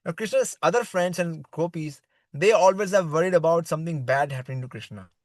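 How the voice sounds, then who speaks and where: Man giving a lively scripture class. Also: a little high, brisk, no room sound, low-quality recording. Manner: reads passages aloud, then explains them plainly. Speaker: spiritual teacher. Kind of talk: scripture class, reading and commentary.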